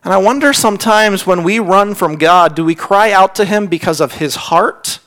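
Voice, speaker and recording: Male pastor, higher voice, earnest sermon delivery with hushed drops. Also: normal speed. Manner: earnest, repeats words when stressing points; drops to a hushed near-whisper on key lines.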